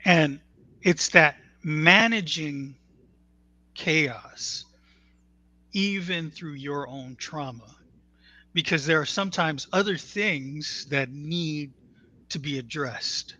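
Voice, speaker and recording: Bright-voiced man telling a story. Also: fairly high pitch, slow, pauses often, dry recording, lo-fi sound. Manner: earnest, matter-of-fact, quotes others as he tells it. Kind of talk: conversational storytelling.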